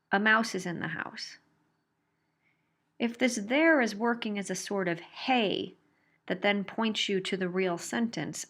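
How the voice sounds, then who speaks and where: A woman teaching a college grammar lesson, explaining carefully and stressing example sentences. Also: mid-range voice. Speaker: college English instructor. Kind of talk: recorded grammar lecture.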